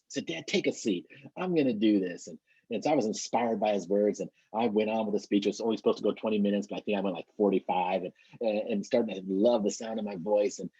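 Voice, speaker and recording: Husky-voiced middle-aged man telling a story. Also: lowish voice, dark tone, no room sound. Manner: earnest, repeats and restarts words. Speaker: trainer. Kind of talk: motivational storytelling talk. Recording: dull, muffled lo-fi recording.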